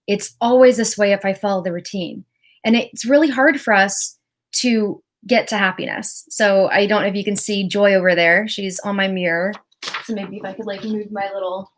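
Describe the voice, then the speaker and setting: A young woman talking casually on a livestream, explaining ideas in a chatty way and acting out short quoted voices. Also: mid-range voice. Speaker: self-help livestreamer.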